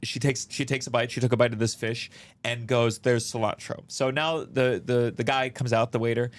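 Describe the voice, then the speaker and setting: Male comedian, mid-pitched, chatty storyteller who acts out quotes. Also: normal speed. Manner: animated anecdotes with acted-out quotes, some swearing. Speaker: comedian guest. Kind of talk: casual chat, storytelling.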